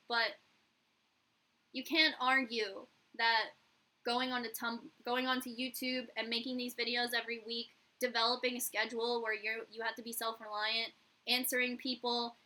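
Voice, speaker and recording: A woman's voice: a little high, bright, forceful tone, rough recording. A young woman, a YouTuber and hairstylist, telling a candid, profane story in a casual vlog and acting out the dialogue.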